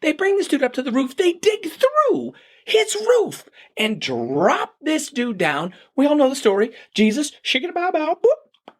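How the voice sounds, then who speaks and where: A woman doing a stand-up comedy bit, telling the story as a comic and acting out a gruff complaining homeowner. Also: high-pitched, very animated, a little slow. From United States.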